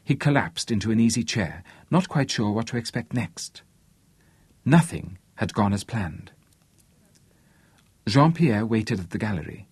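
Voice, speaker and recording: A man narrating an audiobook in a lively, expressive reading. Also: lowish voice, a little slow, long pauses, slightly rough, dry recording. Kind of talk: scripted narration.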